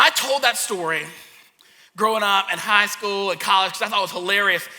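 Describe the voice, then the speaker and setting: Male pastor, animated storyteller, ringing tense tone, long hall reverb. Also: high-pitched, fairly quick. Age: young adult to middle-aged, a parent. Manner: animated storyteller acting out childhood scenes. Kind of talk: sermon with personal story. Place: church hall.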